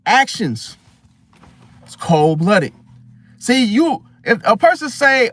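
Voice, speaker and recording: A man's voice: sits high, sing-song, a little slow, a bit bright. A man giving a casual, preachy monologue about astrology, full of slang and rhetorical questions like "See?". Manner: slangy, blunt, swears casually. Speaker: astrology vlogger.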